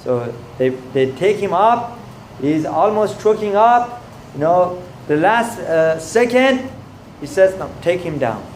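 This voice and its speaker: A man giving a sermon as a rabbi, telling a story in a halting way with many restarts. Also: high voice, lively intonation, darkish tone, roomy sound, a little hiss or hum, poor audio.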